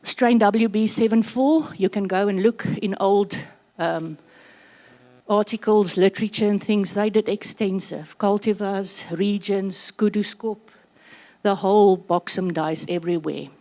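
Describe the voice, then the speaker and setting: A South African woman giving a workshop presentation, chatty and slightly out of breath, with quick joking asides. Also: medium pitch, mellow. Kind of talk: conference presentation.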